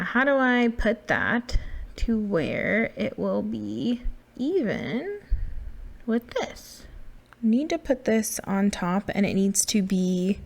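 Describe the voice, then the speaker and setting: A woman's voice: medium pitch, gravelly. A woman giving casual, self-deprecating commentary while building in a game, thinking aloud as she works.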